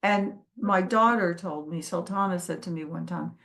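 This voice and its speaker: A woman's voice: fairly low pitch, normal speed, creaky. A woman telling her own life story in an interview, earnest, quoting others as she goes. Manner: earnest, quotes others in lively voices. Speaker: guest. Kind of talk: emotional personal storytelling.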